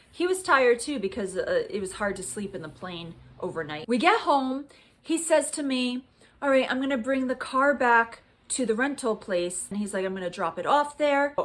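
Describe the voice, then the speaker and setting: 30s woman vlogging on her phone, chatty storytelling, acts out what people said, kinda high voice. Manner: chatty, animated retelling with quoted dialogue and laughs. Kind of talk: casual storytelling to camera. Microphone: phone camera.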